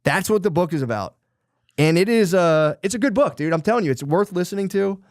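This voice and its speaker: A man's voice: high-pitched, lively intonation, fairly quick, dry recording, studio quality. A man co-hosting a podcast, casually retelling a book's plot in a rambling, profane way full of fillers and quoted lines. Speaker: podcast co-host.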